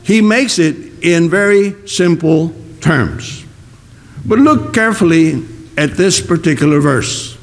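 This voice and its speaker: A man preaching a sermon, slow and emphatic, repeating key words for weight. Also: fairly high pitch, lively intonation. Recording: long reverb of a hall.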